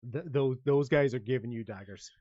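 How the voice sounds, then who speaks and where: Man, dungeon master, halting restarts, dry close sound, muffled lo-fi mic. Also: medium pitch, dark tone, no echo. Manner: thoughtful, halting delivery with many restarts. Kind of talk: narrating a tabletop game.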